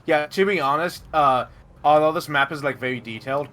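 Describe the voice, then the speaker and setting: A man running a tabletop game as game master, explaining in a halting way full of fillers and restarts. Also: on the high side, a bit bright.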